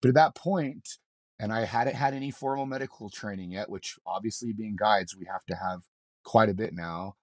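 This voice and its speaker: A man's voice: lowish voice, normal speed, dry recording, studio quality. A man, a mountain guide on a podcast, telling a story in a loose, rambling way, full of swearing and restarts. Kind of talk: casual storytelling in an interview.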